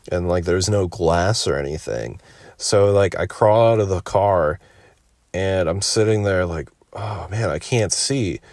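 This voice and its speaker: A man's voice: low-pitched, darkish tone, dry recording, clean studio sound. A young man casually telling a story in a rambling, laid-back way, swearing often and leaning on "like.".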